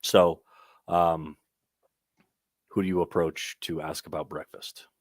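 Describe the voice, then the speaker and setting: Low-voiced guy game mastering, lots of ums, dry close sound. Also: level tone, slow pace, no echo. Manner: rambling, full of ums and restarts. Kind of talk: narrating a tabletop game.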